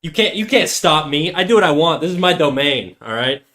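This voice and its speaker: Bright-voiced man bantering on stream. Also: a little high, animated, fairly quick. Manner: joking, mock-defiant banter with chat. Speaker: livestreamer drawing while chatting. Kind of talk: casual livestream chat.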